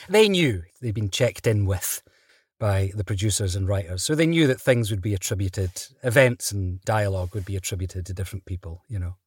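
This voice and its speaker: A man's voice: lowish voice, animated, moderate pace, slightly rough, no echo. Chatty man, dry close sound. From Britain. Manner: chatty, laughs often, restarts mid-sentence. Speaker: actor guest. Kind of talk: relaxed interview storytelling.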